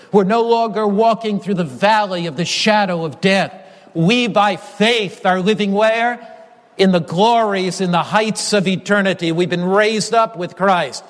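High-voiced, emphatic preacher. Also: male voice. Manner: measured, emphatic with repeated refrains. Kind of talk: sermon. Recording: long hall reverb.

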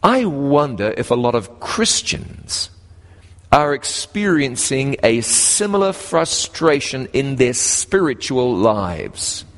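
Man with a New Zealand accent telling a sermon story in a long echoing hall, mid-range voice, pitch and pace shifting for effect. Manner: animated, rises and drops sharply in pitch, slows for emphasis. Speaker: preacher.

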